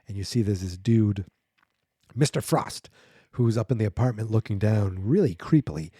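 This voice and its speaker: A man casually recaps a comic book on his podcast, rambling and chatty. His voice is very dark and mellow with a husky edge. The recording is dry and close. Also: lowish voice, animated, normal speed, no echo. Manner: rambling, chatty, acts out scenes. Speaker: podcast host.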